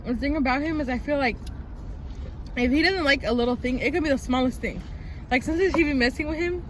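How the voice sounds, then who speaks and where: A woman's voice: high-pitched, quick pace. A young woman telling stories casually on a couple's vlog, chatty and full of "like" and "um". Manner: chatty storyteller, many "like"s and "um"s. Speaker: vlogger. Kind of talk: casual chat. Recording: light background noise.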